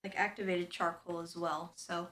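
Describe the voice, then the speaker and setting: A woman's voice: fairly low pitch, little pitch movement, normal speed, a bit bright, slight background noise. A woman in her twenties from the United States, chatting casually as a streamer while she works at home, thinking aloud with lots of fillers. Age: 20s. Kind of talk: casual explaining while working.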